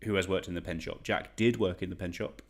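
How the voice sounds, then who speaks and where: Quiz host, young English man, deep voice, casual and chatty, pokes fun at himself. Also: fairly even intonation, quick pace. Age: young adult. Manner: chatty, self-deprecating, reads shout-outs. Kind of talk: casual quiz hosting livestream.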